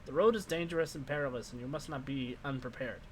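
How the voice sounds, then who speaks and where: A man voicing a wizened old witch with a creaky, drawn-out old lady voice. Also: medium pitch, lightly acted. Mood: insistent.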